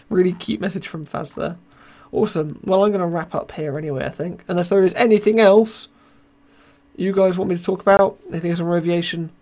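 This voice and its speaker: This young man from Britain hosts a relaxed live podcast in a high-pitched, darkish voice with fairly even intonation at a normal pace. Worn out, his voice thinning, he rambles on self-mockingly and reads the chat out loud in his British accent.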